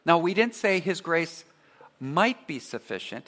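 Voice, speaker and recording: A man preaching a sermon, earnest and emphatic, who leads his congregation in call-and-response and drops to a soft voice on key phrases. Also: medium pitch, lively intonation, moderate pace. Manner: earnest preaching, rising to emphatic repetition then dropping soft. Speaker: pastor.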